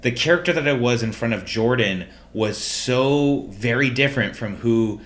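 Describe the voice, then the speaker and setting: A man's voice: mid-range voice, moderate pace, fairly bright tone. A young man co-hosting a podcast in casual chat, rambling and searching for his words. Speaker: podcast co-host.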